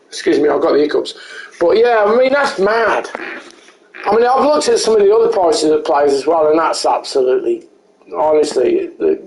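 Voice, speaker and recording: A man's voice: a little high, fairly quick, a little mellow, roomy sound, low-quality recording. A man giving rambling, self-correcting live commentary while he plays a game, chatting with his viewers. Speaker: streamer.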